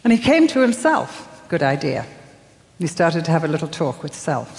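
An older woman giving a sermon, telling her story softly with dramatic pauses and acting out the voices she quotes. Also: low-pitched, big pitch swings, in a large hall. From England. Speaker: speaker.

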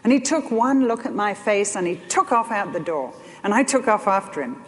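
An older woman preaching a sermon, telling stories in an animated way that swings between loud and soft. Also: medium pitch, normal speed. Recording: long hall reverb.

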